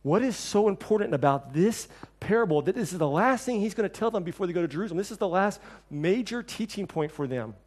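Lively storytelling male pastor. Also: fast, few pauses. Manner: storytelling, acts out quoted voices with lively shifts in pitch and level. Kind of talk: sermon.

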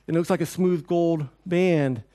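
A pastor preaching a sermon in a church, with an earnest, repetitive cadence. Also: male voice, a little high, a little slow, warm tone.

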